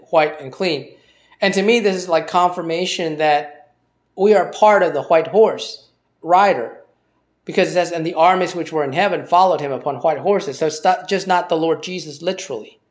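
A man teaching a Bible passage informally, thinking aloud with many fillers and restarts. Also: fairly high pitch.

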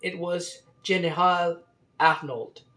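A man reading out an old French statesman's account in a put-on French accent, measured and dignified. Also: high voice, fairly even intonation, pushed and bright, pitched above the performer's own voice, heavily acted. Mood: reflective. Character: 18th-century French statesman, older man, reflective and dignified.

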